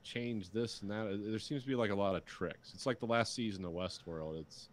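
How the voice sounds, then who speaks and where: A man's voice: fairly low pitch, expressive, brisk. A middle-aged man on a podcast, ranting in casual chat and swearing freely while he mocks what he dislikes. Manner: ranting, profane, mocking quotes. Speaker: podcast co-host.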